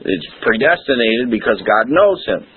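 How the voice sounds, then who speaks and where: A man's voice: mid-range voice, big pitch swings, normal speed, a little hiss or hum. A man pastor teaching a Bible study in a conversational way, putting questions to his congregation. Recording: tinny phone-like sound.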